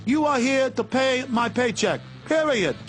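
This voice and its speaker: A man's voice: extremely high pitch, animated, a little slow, faint music behind, voice pushed up. A man imitating an arrogant male police officer who taunts and threatens. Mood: sneering. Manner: sneering, taunting.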